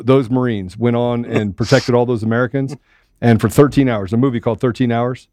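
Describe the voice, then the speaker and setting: A man's voice: medium pitch, mellow, no room sound, studio quality. A man hosting a live podcast, teasing and coaxing a co-worker in casual banter, often laughing. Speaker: podcast host.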